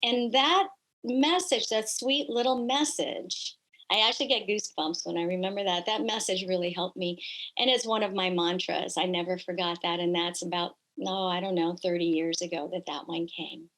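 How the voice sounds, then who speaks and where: A woman's voice: on the low side, steady tone, moderate pace, a bit bright, low-quality recording. Reflective woman telling personal stories. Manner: earnest, reflective, with frequent fillers. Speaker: guest. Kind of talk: personal storytelling in conversation.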